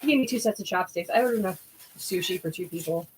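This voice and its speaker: A woman's voice: medium pitch, fast talker, slight background noise. A woman co-hosting a casual live stream, talking and joking while she eats. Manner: joking, talkative. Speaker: co-host.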